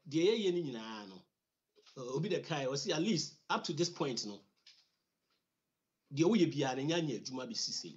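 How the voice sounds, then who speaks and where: Ghanaian male educator, mid-pitched, chatty and repetitive teaching delivery, muffled lo-fi sound. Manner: conversational, repeats words for emphasis, many fillers. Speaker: financial educator. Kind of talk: teaching talk on personal finance. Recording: slightly dull lo-fi recording.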